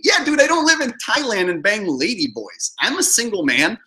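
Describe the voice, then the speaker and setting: A man's voice: high voice, huge pitch swings, normal speed, bright, forceful tone. A man hosting his own show, mocking another creator's video with sarcastic reaction commentary and frequent laughter. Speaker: host.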